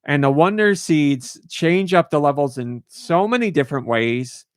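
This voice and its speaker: A podcast host speaks in a slightly high, resonant voice with lively intonation, clear and at a normal pace. He chats casually and gushes with enthusiasm, recorded dry with clean studio sound.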